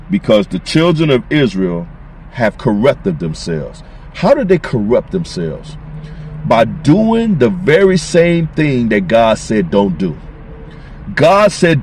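A man's voice: medium pitch, big pitch swings, a little slow, a little mellow, slight background noise. A man preaching on scripture as a street preacher, emphatic and repetitive in informal phrasing.

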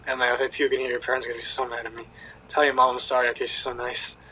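A man's voice: medium pitch, flat delivery, rapid-fire, pushed and bright, breathy edge, voice pushed down, low-quality recording. A man reading the lines of an awkward, aimless young adult female cat from a game, in a mumbling, apologetic way. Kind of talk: reading game dialogue aloud.

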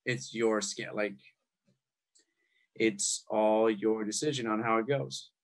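A man's voice: fairly low pitch, fairly even intonation, slow. A young man hosting a podcast, chatting in an easygoing, agreeable way with plenty of "like". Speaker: podcast host. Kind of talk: casual chat.

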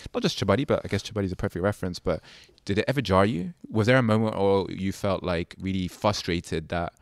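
A man hosting an interview, asking long, earnest, rambling questions and filling the gaps with soft "mm" and "yeah". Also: sits low, fast, no echo, studio quality. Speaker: host, interviewer. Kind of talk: casual conversational interview.

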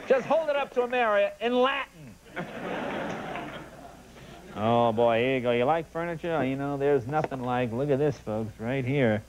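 A man hosting a talk show, running a comedic monologue of joke headlines with animated punchlines and asides to the audience. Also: medium pitch, measured pace, lo-fi sound. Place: TV studio stage. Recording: TV studio with audience laughter and noise. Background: studio audience laughter.

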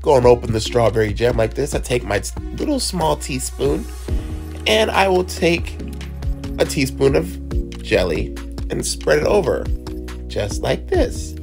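An upbeat host of a children's channel walks young viewers through a simple recipe, calling them kiddos. The voice sits mid-range and climbs and dips in lively swoops. Faint music plays underneath. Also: mid-range voice, measured pace, vocal fry. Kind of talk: cheerful cooking demo for kids.

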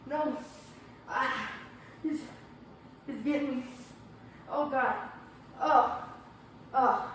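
A woman's voice: high voice, very slow, pauses often, a bit bright, heavy reverb, distant mic, slight background noise. A woman gaming vlogger playing a fighting game and trash-talking her opponent with playful tough-guy bravado.

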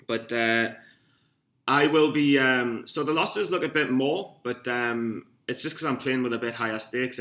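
A man's voice: medium pitch, pushed and bright. A young man from Newcastle with a Geordie accent, rambling and swearing through a casual vlog from his room. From Newcastle, England. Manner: rambling, swearing, self-mocking. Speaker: vlogger. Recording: echoey room.

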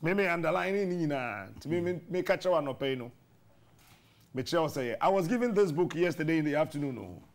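A Ghanaian morning show host reads passages from a book aloud and lectures his viewers about reading. His voice sits a little high, and his manner is earnest. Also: lively intonation, fairly quick. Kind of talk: reading aloud from a book, then interview chat.

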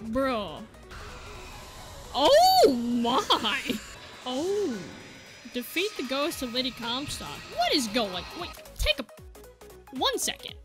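A high-pitched woman gives casual let's-play commentary, jokey and chatty with the characters she meets. Her voice swings widely in pitch, with game music clearly audible beneath it. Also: wildly swooping pitch, takes it slowly, long pauses. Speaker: gamer playing on video.

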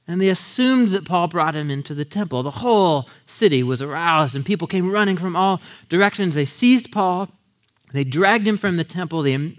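A man in his thirties preaching a casual, animated sermon, acting out quotes in lively voices and laughing often. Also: sits high. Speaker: pastor teaching a Bible series.

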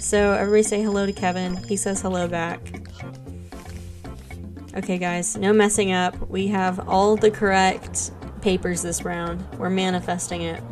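A young woman with a mid-range, darkish-toned voice chats casually while streaming a game, bubbly and gushing thanks to her viewers.

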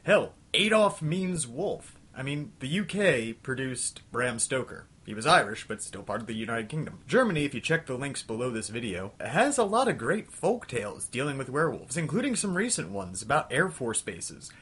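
A young man hosting a comedic game review, ranting in an exasperated, scattershot way and talking himself back to calm. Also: mid-range voice, normal speed, hardly any pauses, breathy edge. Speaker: host of a retro game review show.

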